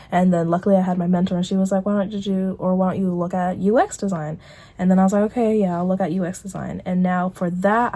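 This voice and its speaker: A woman's voice: on the low side, dark tone. A young woman vlogging casually, rambling through a catch-up and quoting herself with put-on voices.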